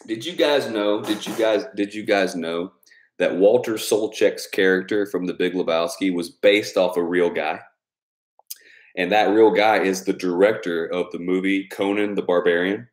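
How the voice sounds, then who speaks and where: A man with a lowish voice chats casually with his supporters. He rambles, swears freely and laughs a lot. The room around him rings with a noticeable echo. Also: moderate pace. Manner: loose, profane and rambling, laughing often. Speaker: YouTube creator thanking patrons. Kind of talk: casual live chat with supporters.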